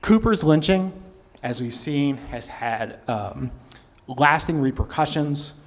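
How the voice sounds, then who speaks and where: A man giving formal testimony as a historian, speaking in a measured way and reading quotations aloud. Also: on the high side, animated. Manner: measured, quotes sources aloud. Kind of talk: formal public talk with read quotations. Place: public hearing hall. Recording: reverberant hall.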